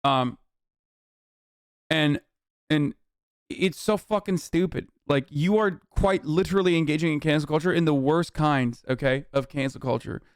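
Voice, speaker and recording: A man's voice: on the high side, smooth, no echo, clean studio sound. A man streaming a heated reaction rant, swearing freely and mocking his critics with sarcasm. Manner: profane, sarcastic, exasperated. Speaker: streamer reacting to clips and chat.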